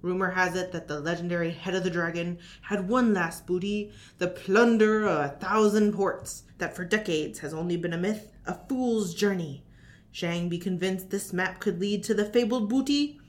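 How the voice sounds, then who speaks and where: A woman's voice: fairly low pitch, normal speed. A woman co-hosting a library podcast, reading book recommendations aloud in a storytelling manner sprinkled with mock pirate dialect.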